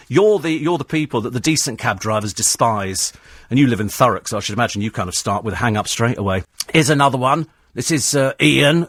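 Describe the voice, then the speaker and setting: A man's voice: mid-range voice, fairly bright tone, no echo. A man hosting a talk radio phone-in, combative and sarcastic as he answers listener texts in a studio. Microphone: studio microphone.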